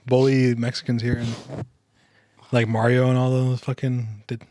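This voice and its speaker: A young man co-hosting a casual podcast, telling animated stories and swearing casually. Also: mid-range voice, a little slow, no echo, clean studio sound. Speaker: podcast co-host. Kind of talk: casual chat among friends.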